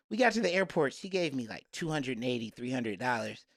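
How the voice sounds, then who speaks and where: A man co-hosting a podcast, telling stories in a rambling, animated casual chat. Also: mid-range voice, brisk, gravelly. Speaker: podcast co-host.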